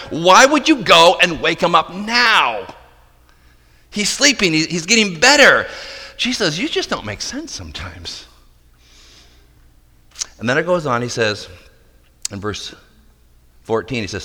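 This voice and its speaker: A man preaches in a bright, ringing tone, his pitch swinging widely as he plays out scenes with dramatic flair. His voice sits a bit high for a man and carries a long reverb like a large church sanctuary. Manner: dramatic, voices disciples in mock disbelief, drops to quiet intensity. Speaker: pastor. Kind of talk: sermon.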